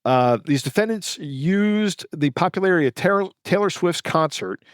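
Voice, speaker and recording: A man co-hosting a podcast, recounting news stories in a casual, halting way with many fillers and self-corrections. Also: high voice, animated, no echo, clean studio sound. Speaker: podcast co-host.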